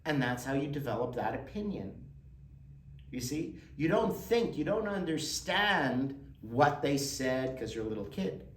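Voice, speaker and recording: A man leads a motivational workshop, firing rhetorical questions at his listeners. His voice swoops lively between high and low. He is heard from some distance in a roomy space. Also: measured pace, a little hiss or hum. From Quebec, Canada. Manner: animated, rhetorical questions to the audience. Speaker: workshop presenter.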